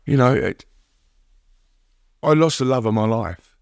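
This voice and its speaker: A middle-aged man, a guest telling his story haltingly, repeating words and saying "you know what I mean" often. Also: mid-range voice, animated, vocal fry, no room sound, studio quality. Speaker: podcast guest. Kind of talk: candid recovery interview.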